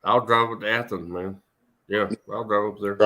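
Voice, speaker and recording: Brief: low male voice, teasing and joking, loose chat. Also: fairly even intonation, moderate pace, bright, forceful tone. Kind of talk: casual profane banter.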